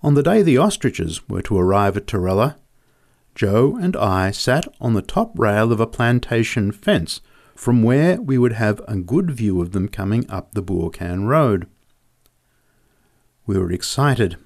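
Man, lowish voice, storyteller, vivid measured reading. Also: a little mellow. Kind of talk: reading a humorous memoir story aloud.

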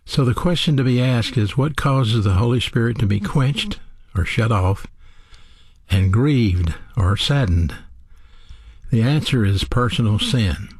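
A man teaching a sermon, speaking in a measured, deliberate way and asking rhetorical questions to his listeners. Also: medium pitch, animated, a little mellow, husky, no room sound, clean studio sound. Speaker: radio Bible teacher.

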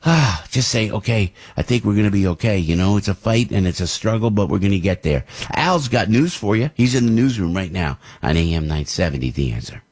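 A husky middle-aged radio host delivers an impassioned monologue. His voice sits a bit low, and he keeps pushing up into emphatic, near-shouted peaks. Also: animated, brisk, few pauses. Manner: ranting, emphatic, rising to shouts. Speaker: radio talk show host. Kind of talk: opinion talk radio monologue.

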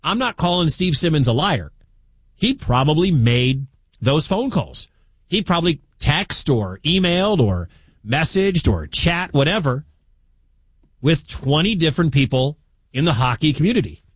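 Animated Midwestern radio host, husky voice, pitch jumping around, dry booth sound. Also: male voice, a little slow, no room sound. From American Midwest. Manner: animated, incredulous, chatty. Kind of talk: sports talk radio.

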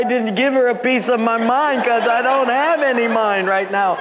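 A man's voice: very high-pitched, moderate pace, hardly any pauses, background noise. A man preaching a sermon in a church, telling stories and acting out the people in them. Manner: animated, acts out voices and quotes, laughs with the congregation. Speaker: pastor. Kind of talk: sermon with storytelling. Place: church with a live congregation.

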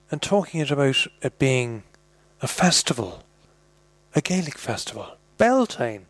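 A man's voice: medium pitch, dry recording. A man presenting radio in a chatty, musing way with hesitant fillers. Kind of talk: casual radio chat.

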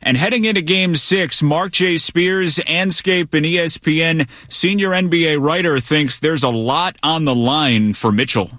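A male sports radio anchor reading a scripted news roundup in a brisk delivery packed with statistics. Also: fairly high pitch, pushed and bright, dry recording, studio quality. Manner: brisk, stat-heavy delivery.

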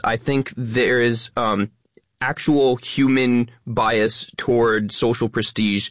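Guy talking fast on a radio show, lowish voice, punches lots of words, dry studio sound. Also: no room sound. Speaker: guest, educational influencer. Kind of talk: radio interview conversation.

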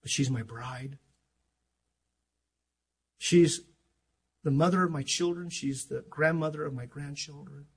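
An older man preaching with passion, his high voice husky and a little rough. He surges to loud declarations and then drops to near-quiet asides. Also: a little slow, long pauses. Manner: impassioned, rising and dropping sharply in volume, acts out stories. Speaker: pastor. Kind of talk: sermon.

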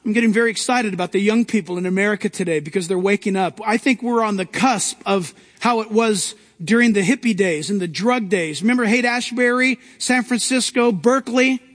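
A pastor delivers a sermon in a very high voice, pushing hard on key lines and rising in bursts. His words ring out with the long reverb of a large sanctuary. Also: fairly quick, few pauses. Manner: emphatic preaching with rising outbursts.

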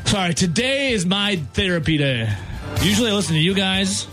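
A man hosting a sports radio show, venting in an animated, sarcastic rant. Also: high-pitched, brisk, soft background music. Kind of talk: ranting sports talk.

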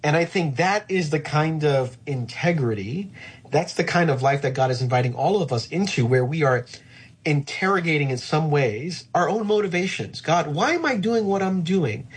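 A man who is a pastor, talking earnestly about faith in a conversation and slowing down to stress his points. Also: on the high side, lively intonation, slightly rough.

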